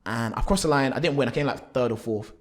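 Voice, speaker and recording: A man's voice: mid-range voice, quick pace. A young man, a guest athlete telling stories in a casual podcast chat and acting out the quotes. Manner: animated, acts out quotes with slang.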